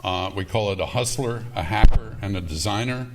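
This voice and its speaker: A man making an announcement at a student assembly, halting with many fillers. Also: on the low side, background noise. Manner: halting, filler-heavy talk.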